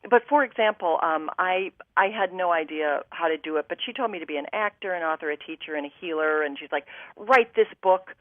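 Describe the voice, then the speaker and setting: A woman's voice: low voice, fast talker, few pauses, no room sound, narrow, tinny audio. A woman guest telling a personal story on a talk show, acting out her own thoughts and what others said to her.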